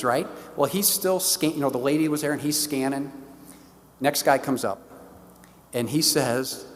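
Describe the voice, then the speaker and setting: A middle-aged man with a St. gives an enthusiastic, story-filled talk to a parish and acts out the conversations he tells. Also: mid-range voice. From St. Louis, Missouri. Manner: animated, enthusiastic storyteller who acts out the dialogue. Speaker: diocesan stewardship director giving a parish talk. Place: church. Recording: long reverb of a church hall.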